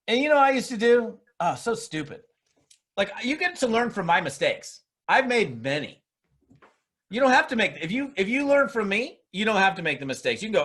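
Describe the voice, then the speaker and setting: A man's voice: high-pitched, fairly bright tone. A man giving a motivational talk to a seminar audience on network marketing, emphatic and fond of mocking put-on voices.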